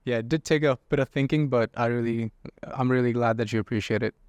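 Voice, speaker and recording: A young man from India hosting a podcast, relaxed and supportive in casual chat. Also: medium pitch, quick pace, clean tone, no echo. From Rajasthan, India. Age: young adult. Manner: relaxed, supportive, many short agreements. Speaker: podcast host.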